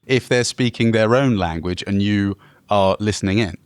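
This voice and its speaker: An Englishman co-hosting a podcast in relaxed banter, his voice sitting low. He teases his co-partner playfully, and the recording is dry and close, with no room sound. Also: moderate pace, clear, resonant tone, no room sound. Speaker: podcast co-host. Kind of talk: casual chat.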